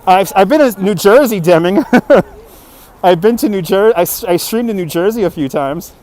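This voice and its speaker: A man's voice: high-pitched, animated, moderate pace, darkish tone. A man livestreaming as he walks a city street and into a market, chatting to viewers and laughing often, recorded on a phone on a handheld gimbal. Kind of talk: live walking stream commentary.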